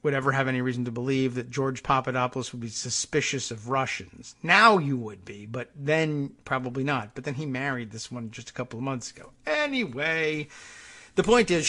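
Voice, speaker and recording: A man's voice: mid-range voice, expressive, moderate pace, fairly bright tone. A man hosting a political talk show who rambles through sardonic, digressive commentary with many asides and filler words. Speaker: podcast host.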